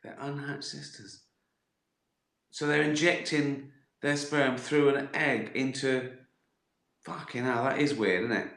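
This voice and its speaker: Middle-aged man, West Country accent, bright voice, rambling and profane comedic storytelling, echoey room. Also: mid-range voice, fairly even intonation, measured pace, gravelly, pauses often. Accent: West Country English. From West Country, England. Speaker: host answering viewer questions. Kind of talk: casual livestream chat.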